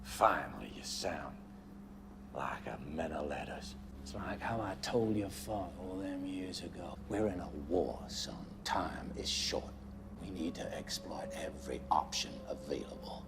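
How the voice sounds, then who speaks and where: An actor playing a scheming, menacing former scholar who talks in a drawling, mocking way, sometimes dropping to a hush. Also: male voice, deep voice, measured pace, creaky, exaggerated voice. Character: scheming older male ex-scholar, menacing, folksy. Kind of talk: TV drama acting. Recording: TV clip audio with steady hum.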